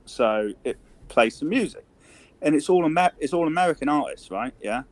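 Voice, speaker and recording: A man's voice: a little high, expressive, normal speed. A man with a British accent, telling stories and joking around on a casual podcast, swearing freely. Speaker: podcast co-host.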